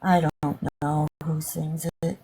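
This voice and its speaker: A woman's voice: deep voice, little pitch movement, slow, warm tone, breathy edge, dry recording. A woman chatting casually on a livestream, playful and teasing. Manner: playful, teasing, drifts into singing. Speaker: livestream co-host.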